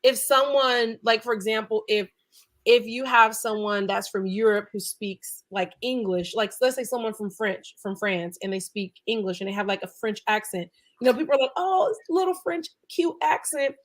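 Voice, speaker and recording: Woman guest on a podcast, mid-pitch voice, chatty, says like and you know a lot. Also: steady tone, normal speed, fairly bright tone. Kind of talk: casual podcast conversation.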